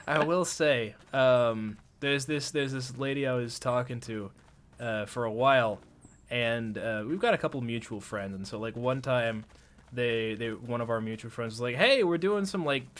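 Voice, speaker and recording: A man's voice: mid-range voice, normal speed. A young man streaming and chatting casually, telling a long story with many fillers and restarts.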